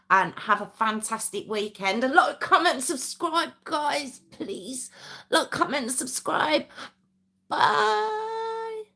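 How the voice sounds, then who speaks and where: Chatty English Midlands woman, lively pitch. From England. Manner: chatty, rambling, self-deprecating, reads viewer comments aloud. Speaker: true crime livestream host. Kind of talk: casual live chat with viewers.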